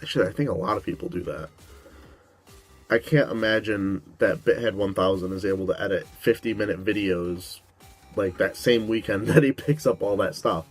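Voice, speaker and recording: A man's voice: lowish voice, moderate pace, slightly rough, soft background music. Young man rambling in a vlog. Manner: rambling, heavy on "like" fillers. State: losing his voice. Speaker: YouTube host. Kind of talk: casual vlog Q&A.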